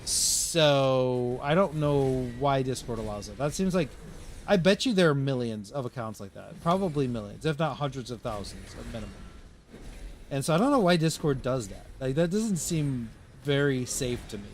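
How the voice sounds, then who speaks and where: A man's voice: mid-range voice, a little hiss or hum. Rambling male game streamer. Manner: rambling, talks to himself and chat. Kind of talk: live gameplay commentary.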